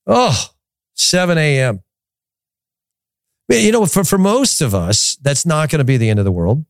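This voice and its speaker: A man's voice: a little high, lively intonation, a little slow, no echo, studio quality. A man from the United States hosting a soccer podcast, talking casually with opinions and frequent restarts. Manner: rambling, opinionated, repeats words while thinking.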